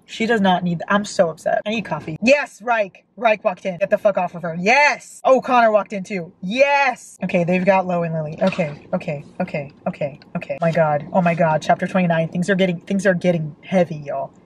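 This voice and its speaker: A woman's voice: on the low side, fast, hardly any pauses, a little mellow, a little hiss or hum, poor audio. A young woman reading a novel aloud and reacting with emotional outbursts, as a book vlogger.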